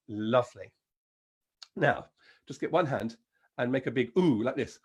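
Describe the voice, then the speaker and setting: A man with an English accent leading an encouraging vocal warm-up lesson as a singing teacher. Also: medium pitch, animated, measured pace, long pauses, slightly rough. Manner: encouraging, demonstrates sounds and sings.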